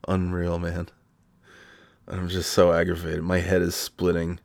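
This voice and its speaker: A man's voice: low-pitched, steady tone, a little slow, vocal fry, dry recording, studio quality. A middle-aged man hosting a podcast from home, ranting in an exasperated, profane way. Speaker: podcast host. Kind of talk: solo podcast rant. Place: home room.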